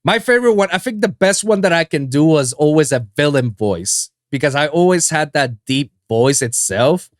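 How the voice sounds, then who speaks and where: A man hosting a casual podcast chat, animated and swearing freely, with lots of fillers. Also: fairly high pitch, moderate pace, few pauses, dry recording, studio quality. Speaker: podcast host.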